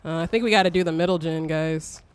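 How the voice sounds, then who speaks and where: A young woman streamer giving live gameplay commentary, excitable, swearing and shrieking when startled. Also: deep voice, quick pace, clear, resonant tone, no room sound.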